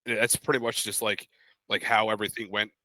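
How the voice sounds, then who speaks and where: A man's voice: on the low side, fairly quick, dry recording. A young man co-hosting a podcast, casually telling a story and acting out the voices of the people in it. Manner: animated, acts out quoted voices in his stories. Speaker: podcast co-host.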